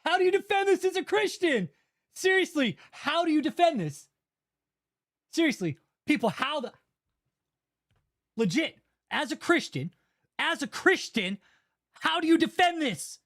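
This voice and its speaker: High-voiced man in a profane rant. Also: very animated, a little slow, long pauses, fairly bright tone. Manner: angry, profane, ranting. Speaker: channel host. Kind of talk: livestream commentary rant.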